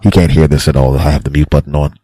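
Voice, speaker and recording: A man voicing a smug store worker who secretly spies on customers, in a low, conspiratorial tone. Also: flat delivery, quick pace, warm tone, dry recording.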